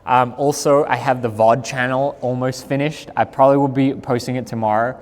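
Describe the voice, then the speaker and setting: A man's voice: medium pitch, steady tone, brisk. Young aussie skater guy rambling to chat, super casual and slangy, lots of echo. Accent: Australian. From Australia. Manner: laid-back, slangy, lots of "like". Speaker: skateboarder and streamer. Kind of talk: casual live-stream chat.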